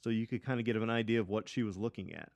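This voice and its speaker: A man's voice: lowish voice, rapid-fire, gravelly, darkish tone, dry recording, clean studio sound. A man co-hosting a podcast, reading stories aloud and chatting casually, evenly paced with small stumbles. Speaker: podcast co-host, storyteller.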